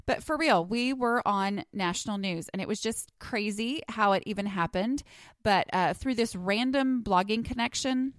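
Lady rambling on her home podcast, lots of ums, middle pitch, dry close sound. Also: normal speed, no room sound. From Texas. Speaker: podcast host. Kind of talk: casual solo podcast chat. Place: her home, sitting under a blanket.

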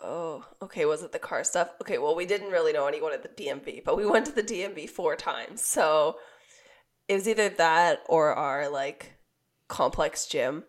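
A young woman co-hosting a podcast, hoarse and raspy from being sick, telling a rambling story with laughs. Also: deep voice, normal speed. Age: young adult. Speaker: podcast co-host. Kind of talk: casual chat.

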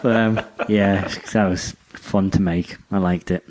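A low-pitched, unhurried man co-hosts a podcast, chatting casually and telling rambling, animated stories with acted quotes. A little hiss or hum can be heard.

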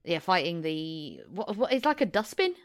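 Young woman, podcast co-host, fairly low, smooth voice, dry sound, rambling chat. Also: sing-song, normal speed, no echo. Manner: rambling, lots of fillers and restarts. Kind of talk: casual chat.

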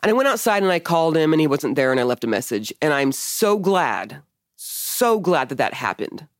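Candid, low-voiced woman podcast host. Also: very animated, normal speed, dry recording, studio quality. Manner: candid, emotional storytelling, frequent swearing. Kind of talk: casual conversation.

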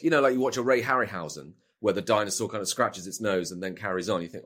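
A man's voice: lowish voice, animated, fast talker, few pauses, fairly bright tone, husky. A middle-aged man with a British accent, chatting as an interview guest, rambling and often repeating words as he restarts thoughts. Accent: British English. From Britain. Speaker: actor guest. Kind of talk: casual interview chat.

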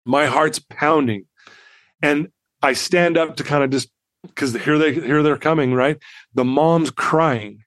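A man in his fifties, a podcast guest telling a personal story in an animated way and acting out the people in it. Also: on the high side, measured pace, no echo.

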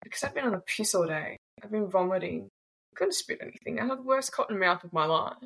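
A woman's voice: mid-range voice, animated, fast, creaky, fairly bright tone, breathy edge, poor audio. A woman in her twenties with an Australian accent, telling her own story bluntly and casually as a guest. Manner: blunt, casual, swears freely. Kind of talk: candid personal storytelling.

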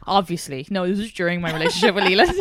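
A young Irish woman hosting a podcast, telling candid stories in a casual, animated way with plenty of swearing. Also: on the low side, quick pace, dry recording. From Ireland. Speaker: podcast host. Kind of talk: casual chat.

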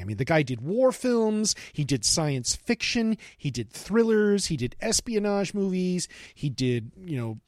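A man's voice: high-pitched, dry recording, clean studio sound. A man co-hosting a podcast in casual chat, joking and teasing, swearing casually. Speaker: podcast co-host.

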